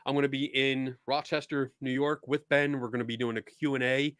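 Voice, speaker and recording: A middle-aged man with a Philadelphia accent hosting a casual chat, easygoing, laughing often and filling pauses with ums. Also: mid-range voice, little pitch movement, a bit bright, smooth, no echo, studio quality. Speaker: podcast host.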